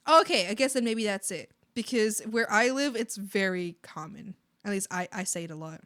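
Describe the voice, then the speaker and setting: A woman's voice: fairly high pitch, brisk, fairly bright tone, no room sound, clean studio sound. A Canadian woman from the Maritimes chatting casually on a live art stream, bubbly and giggly, rambling with lots of fillers.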